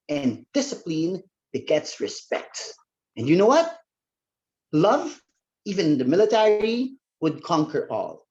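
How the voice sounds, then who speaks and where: A man delivers a humorous contest speech in a playful, theatrical way. He takes his time, and his pitch swoops up and down with lively expression. The recording sounds dull and lo-fi. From Philippines.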